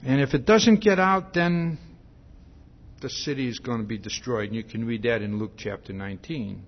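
A man preaching an expository sermon in a conversational way, often pausing to ask "see?" and restarting his sentences. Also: mid-range voice, highs cut off.

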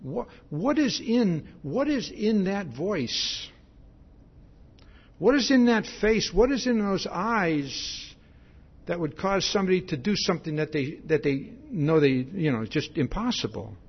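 A man's voice: sits high, sing-song, measured pace, creaky, husky. A male pastor giving a conversational sermon, often repeating words and asking "See?" as he acts out the quotes. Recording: dull lo-fi sound.

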